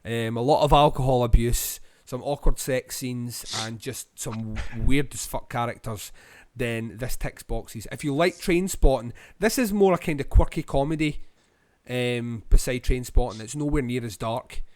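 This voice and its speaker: A Scottish man co-hosting a podcast, giving a rambling film review full of ums and pauses. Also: medium pitch, a little mellow, no room sound. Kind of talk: casual film review chat.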